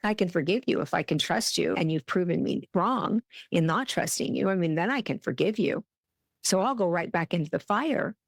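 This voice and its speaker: A woman's voice: on the low side, lively intonation, normal speed, gravelly, no echo, studio quality. A middle-aged woman hosting a podcast, giving an earnest, heartfelt spiritual self-help talk. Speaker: podcast host.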